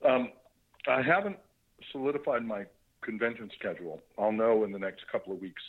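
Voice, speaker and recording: A man phoning in to a talk show, his voice low-pitched and a bit muffled by the line. He rambles casually with lots of fillers and chuckles as he tells stories. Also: fairly quick, husky. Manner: rambling, laughing, with many fillers. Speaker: actor guest. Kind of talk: casual phone interview. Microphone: phone line. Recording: dull phone line.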